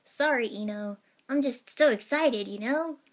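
A woman reading a story aloud, voicing a loud, excitable boy ninja who shouts and boasts. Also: on the high side, unhurried, natural voice. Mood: cheery.

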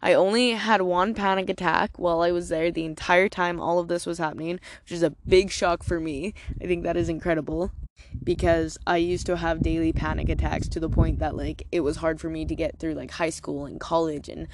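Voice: mid-range voice, flat delivery, fairly quick, a little hiss or hum. A young adult podcast host from Canada telling a personal story in a casual, rambling way, with lots of "like" and frequent swearing.

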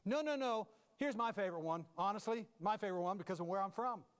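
A man preaching a humorous sermon as a pastor, animated and self-mocking, moving from loud bursts to low asides. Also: quick pace, clean tone, long reverb tail.

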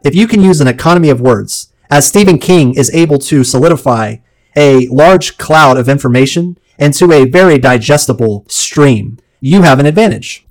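A man hosting a solo podcast, talking in a wordy, theatrical way with punchy lists, and dropping low and slow when he quotes. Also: expressive, low-quality recording. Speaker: podcast host.

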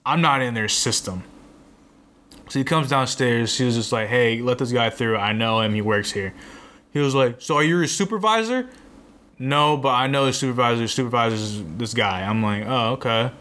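A man's voice: mid-range voice, fairly even intonation, normal speed, sharp tone. Exasperated young man telling a story. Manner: rambling, exasperated, swears often. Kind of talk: casual storytelling.

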